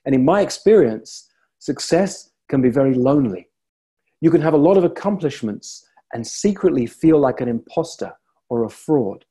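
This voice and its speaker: A man who works as a leadership coach, giving a reflective motivational talk and telling stories with deliberate pauses. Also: medium pitch, expressive, mellow, husky.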